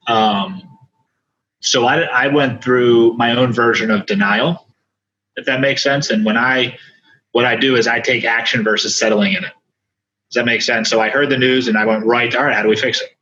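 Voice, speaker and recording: A man speaking as a podcast guest and coach, telling candid stories in an animated, earnest way with many asides. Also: mid-range voice, moderate pace, lo-fi sound, slight background noise. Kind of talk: candid storytelling in conversation.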